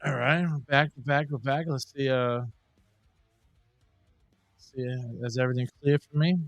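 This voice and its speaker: A man's voice: mid-range voice, fairly even intonation, unhurried, no room sound, muffled recording, soft background music. A man co-hosting a podcast over a video call, talking loosely and joking with plenty of swearing. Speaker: podcast co-host. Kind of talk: casual chat.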